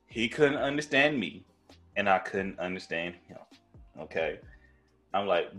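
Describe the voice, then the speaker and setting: A man with a deep voice telling stories in casual podcast chat, swearing freely and restarting his sentences often. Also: animated, a little slow, long pauses, pushed and bright, soft background music. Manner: casual, profane storytelling with many restarts.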